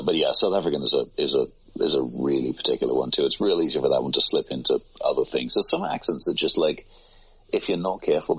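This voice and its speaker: A man's voice: a bit bright, slightly rough. A man, a voice actor guest, chatting casually and self-deprecatingly with rambling restarts. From United Kingdom. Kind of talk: casual conversation. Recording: muffled low-fidelity sound.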